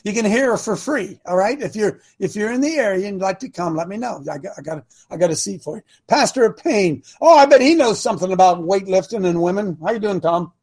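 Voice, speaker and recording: A man's voice: sits high, lively intonation, fairly quick, hardly any pauses, a little mellow. A man in his sixties hosting a call-in talk show, folksy and preachy, acting out the voices he quotes. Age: 60s. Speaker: radio show host.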